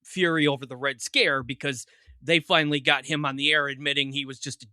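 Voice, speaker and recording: Podcast host, male, very bright tone, dry close sound, rambling jokey delivery. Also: a little high, fairly even intonation, a little fast, no echo. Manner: rambling, self-interrupting, joking. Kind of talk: casual chat.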